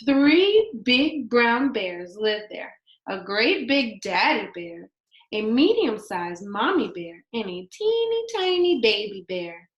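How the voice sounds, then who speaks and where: A woman reading a children's story aloud in an expressive, sing-song storytelling manner. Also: a little high, reverberant, dull audio. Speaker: storybook reader.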